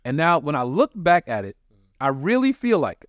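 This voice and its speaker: A male comedian from New York City telling his life story in a casual podcast chat, animated and profane, acting out the people he quotes. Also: on the high side, normal speed, no echo, clean studio sound. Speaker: touring comedian, podcast co-host.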